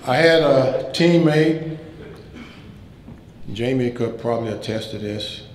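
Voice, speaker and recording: A man giving a keynote speech at a banquet, telling funny stories in a relaxed way and acting out the lines of the people in them. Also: mid-range voice, takes it slowly. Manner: relaxed anecdotal telling, acts out quoted lines. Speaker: keynote speaker. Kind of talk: humorous after-dinner storytelling speech. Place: banquet hall. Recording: roomy hall sound, faint room noise.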